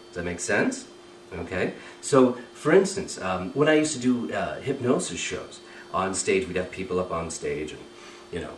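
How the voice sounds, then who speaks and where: A man's voice: fairly low pitch, roomy sound, far from the mic, a little hiss or hum, rough recording. A man teaching a recorded training lesson, explaining step by step and often checking with "right?" and "okay?". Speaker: communication trainer.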